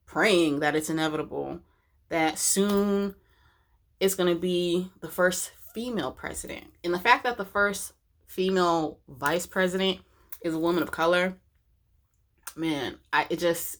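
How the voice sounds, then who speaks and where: A woman talks straight to her viewers in a personal vlog, slow and unhurried, with a somewhat low voice. Her delivery is emotional and halting, full of restarts and trailing phrases, with a tearful edge. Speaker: vlogger.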